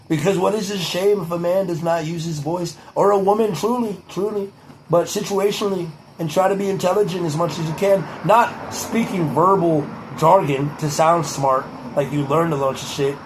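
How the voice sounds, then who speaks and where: A young man vlogs to camera in a loose, profane, rambling casual monologue, repeatedly saying "truly" and slipping into a mock-presidential cadence. His voice is on the high side, and the rough recording has slight background noise.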